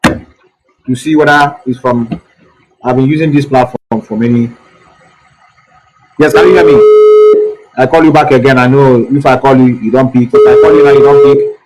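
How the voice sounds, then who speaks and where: Male host, mid-pitched, repeating himself. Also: normal speed, long pauses, low-quality recording. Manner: repetitive, fussing over technical trouble. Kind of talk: live online talk show.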